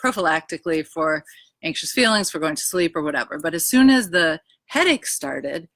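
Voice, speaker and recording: A woman's voice: low voice, animated, normal speed, a bit bright. Emotional woman rambling in a live video. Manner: emotional, rambling, frequent "anyways" and "um". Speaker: vlogger sharing a personal health story. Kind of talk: casual live video chat. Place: backyard outdoors.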